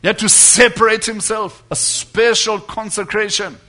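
Bright-voiced emphatic male preacher. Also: high voice, fairly even intonation, normal speed. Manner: emphatic, rising to loud declarations and dropping to quiet asides. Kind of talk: sermon.

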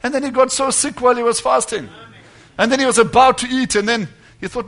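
A man preaching a sermon to a congregation, emphatic, swinging between loud declarations and quiet asides. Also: very high voice, fairly quick.

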